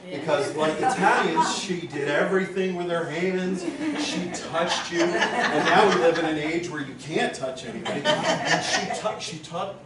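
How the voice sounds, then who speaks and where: A man's voice: a little high, normal speed, few pauses, over a noisy crowd. A man giving a rambling, emotional memorial speech about a late friend at a gathering. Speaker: memorial speaker. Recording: roomy hall, far from mic.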